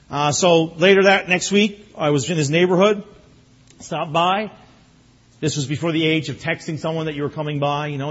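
Husky folksy pastor man. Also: fairly high pitch, highs cut off. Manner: folksy storytelling, animated when recounting. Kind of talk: sermon with personal stories.

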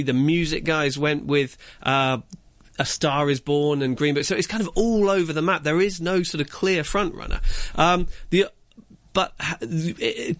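A man's voice: a little high, a bit bright, no room sound. A man talking as a film guest on a radio show in a studio, rambling with plenty of fillers and restarts. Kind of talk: casual radio chat. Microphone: studio microphone.

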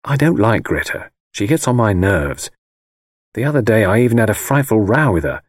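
A defensive, irritable young husband, voiced by a male reader, his pitch jumping higher as he protests. Dry and close, with a lively, expressive delivery. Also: normal speed, dry recording. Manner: defensive, exasperated replies.

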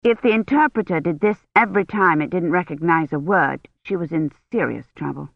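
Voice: medium pitch, fairly quick, vocal fry, no echo. Dull lo-fi dry audiobook narration.

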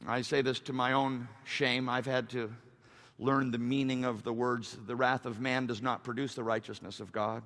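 A man's voice: medium pitch, flat delivery, normal speed. Preaching man in a reverberant hall. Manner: preaching with sudden loud surges and soft confessional stretches. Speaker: pastor. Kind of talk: sermon.

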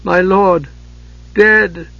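A man voicing a stern, grim male knight sub-commander who barks orders and turns low and tense in private, on a dull lo-fi recording. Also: a little fast, bright, forceful tone, breathy edge, dry recording. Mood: anguished shouting.

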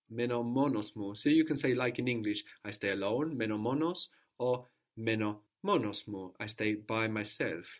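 Male language tutor with a lower voice; patient, question-and-answer teaching. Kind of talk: language lesson.

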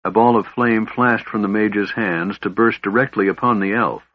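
A man narrating a fantasy novel in a measured, even storytelling voice. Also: lowish voice. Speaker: audiobook narrator. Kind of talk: scripted narration. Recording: slightly dull, dry recording.

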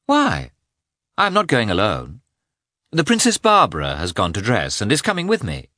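A fiery young noblewoman, as a male narrator puts her on, her voice pitched well above his own and loud with passion. She swings widely in tone, crying out and pleading by turns in a clear, bright voice. The room sounds dry and close. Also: wildly swooping pitch, normal speed, no echo, full character voice. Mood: defiant. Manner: impassioned, pleading.

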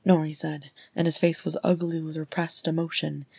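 Low, flat-voiced woman narrator. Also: normal speed, vocal fry, slightly rough, dry recording. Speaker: audiobook reader. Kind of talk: fan fiction audiobook narration.

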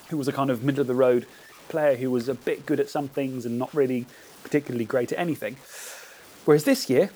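A man's voice: mid-range voice, rough recording. A man, a podcast host chatting casually and reading out a playful story with relish. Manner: playful, animated storyteller who laughs at his own jokes. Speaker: podcast host, tournament organiser. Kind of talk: casual podcast chat with a read-aloud story.

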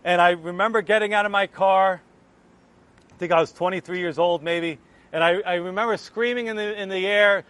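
A man giving an earnest personal Christian testimony, telling his story in an animated way and acting out the exchanges he remembers. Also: sits high, fairly quick.

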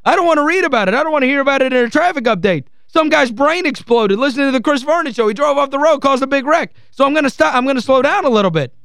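A sports radio host with a very high-pitched voice, worked up and exasperated, stacking repeated phrases on top of each other as he rants. The studio sound is close and dry, with no room around him. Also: animated, very fast, gravelly, hardly any pauses, a bit bright, dry recording. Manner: heated, exasperated, emphatic ranting. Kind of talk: call-in sports talk rant.

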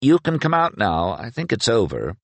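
A quick-witted young sorcerer, voiced by a male audiobook narrator, chatting in a light, bantering way. He sits a little higher than the narrator's low voice and moves around a lot in pitch, all on a dry, close recording. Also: wildly swooping pitch, dry recording, exaggerated voice. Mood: lively.

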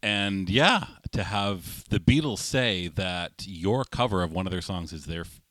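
A man's voice: deep voice, expressive, a little slow, fairly bright tone, no room sound. A man co-hosting a live music stream, speaking in a laid-back, hesitant way with many fillers. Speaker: co-host of a music livestream. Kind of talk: casual live-stream chat.

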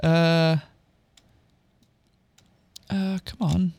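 Brief: man, high and lively, sarcastic fan-fiction reader, dry close sound. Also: very slow, gravelly, dry recording. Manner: mocking, exaggerated dialogue voices. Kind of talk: sarcastic dramatic reading with asides.

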